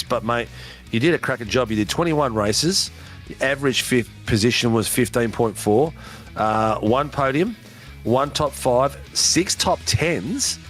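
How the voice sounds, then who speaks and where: Chatty race host. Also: male voice, mid-range voice, a bit bright. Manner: hyped announcer, chatty, says mate a lot. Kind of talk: post-race interviews.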